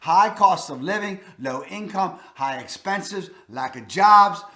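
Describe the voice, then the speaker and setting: A man's voice: sits high, expressive, takes it slowly, bright, forceful tone. A man in his forties with a Baltimore accent, hosting a blunt, folksy countdown of places to live. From Maryland. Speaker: real estate video host. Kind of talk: casual countdown commentary. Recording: echoey room.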